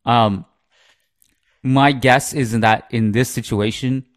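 A man's voice: medium pitch, steady tone, slow, no echo, studio quality. A man hosting a podcast in casual chat, talking in long rambling runs full of "like" and "you know". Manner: talkative, rambling, heavy use of "like" and "you know". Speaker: podcast host.

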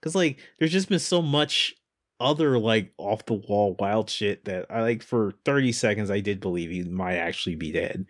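A man's voice: lowish voice, lively intonation, normal speed. A man co-hosting a podcast in casual chat, laughing often and swearing as he acts out characters. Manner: laughing, swearing, acting out manga characters in silly voices. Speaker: podcast co-host.

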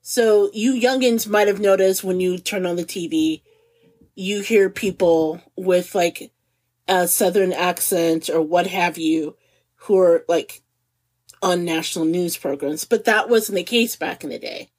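A woman in her forties co-hosting a podcast in casual chat, animated and giggly, laughing often, with no regional accent. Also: lowish voice, measured pace. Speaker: podcast co-host.

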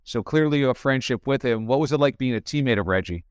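A man's voice: medium pitch, lively intonation, fast talker, smooth, dry recording, studio quality. Man asking long interview questions. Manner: earnest, long wordy questions.

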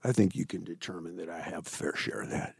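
A man in his sixties, a candid interview guest telling stories with blunt, profane asides, his voice swinging between loud bursts and hushed, low passages. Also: fairly quick, creaky, slightly rough, no room sound, clean studio sound. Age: 60s. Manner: blunt, swears freely.

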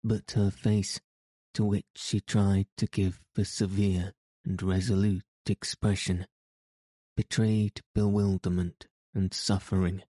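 A male audiobook narrator reads a classic novel at a slow, measured pace. His voice is low and flat in pitch. The recording is close and dry. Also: dry recording. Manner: measured, even reading.

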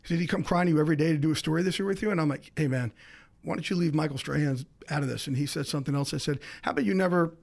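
A middle-aged man, a sports insider, telling a story as a podcast guest with fast, excitable delivery, acting out the other people in it. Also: fairly high pitch, gravelly. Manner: fast, excitable, acts out quoted voices. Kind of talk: animated storytelling.

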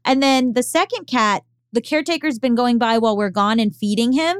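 Woman podcast co-host, smooth and clear, slightly high, candid rambling chat, dry close mic. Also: fairly quick, dry recording. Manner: candid, rambling, with frequent fillers.

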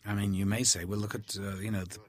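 A man with a husky, low voice talks through a film commentary. He tells candid anecdotes with animated energy. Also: fast talker, no room sound. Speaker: actor giving film commentary.

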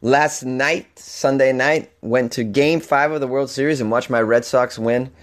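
Male podcast host, slightly hoarse, rambling and animated with a mid-range pitch. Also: measured pace. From Boston, Massachusetts. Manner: rambling and animated, with frequent restarts and laughs. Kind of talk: casual comedic podcast monologue.

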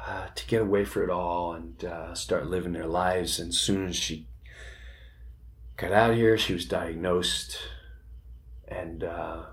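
Man putting on a sad soft-spoken café lady, hushed, hesitant, halting pauses, low voice. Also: close to an everyday voice. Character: heartbroken soft-spoken woman café owner. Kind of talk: storytelling with acted quotes.

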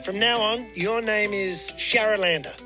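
A man's voice: high voice, measured pace, bright, forceful tone. An actor voicing a playful cartoon dog dad who teases his kids in a mock-serious way, with music underneath. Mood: teasing. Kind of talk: cartoon episode clip.

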